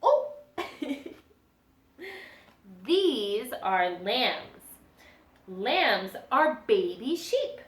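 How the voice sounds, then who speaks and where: Woman, young adult, preschool teacher, storybook reading, slow and gentle, higher voice. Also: reverberant. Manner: slow, gentle and animated, making animal noises. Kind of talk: reading a storybook and singing to children.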